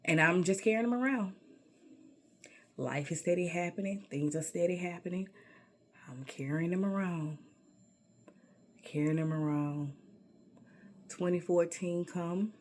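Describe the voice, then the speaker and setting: A woman's voice: fairly low pitch, measured pace, long pauses. Sassy woman telling her life story. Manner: sassy, emphatic, calls listener baby. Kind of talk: personal storytelling monologue.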